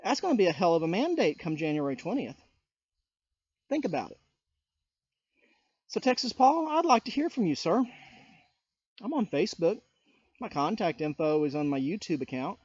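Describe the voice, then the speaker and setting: A man's voice: fairly high pitch, sing-song, moderate pace, pauses often, a little mellow, slightly rough, muffled recording. A man ranting on his vlog, indignant, calling people out by name and firing rhetorical questions at them. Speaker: YouTuber. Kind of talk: political rant vlog.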